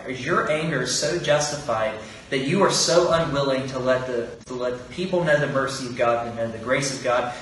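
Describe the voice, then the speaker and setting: In a very echoey room, with faint background noise and his voice coming from far away, a man delivers an earnest expository sermon. His voice is a little high and fairly bright, and he poses rhetorical questions and dramatizes quoted lines.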